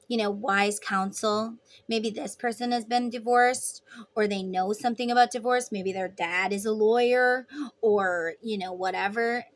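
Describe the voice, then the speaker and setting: In a steady, mid-range voice at a moderate pace, a woman delivers a chatty, meandering tarot reading monologue. As a tarot reader, she voices made-up lines for the people featured in the reading.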